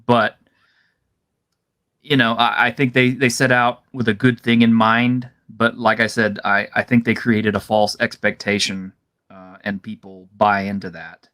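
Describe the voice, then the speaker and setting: A man's voice: on the low side, flat delivery, measured pace, a bit bright. A man co-hosting a casual discussion over a video call, rambling and filling his talk with "you know". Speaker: co-host.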